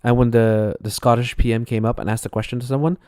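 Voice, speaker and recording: A man's voice: mid-range voice, fairly even intonation, quick pace, warm tone, dry recording. A man from Canada co-hosting an online talk show. He talks loosely and laughs a lot. His voice is close to the mic and dry. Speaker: co-host. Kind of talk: casual chat.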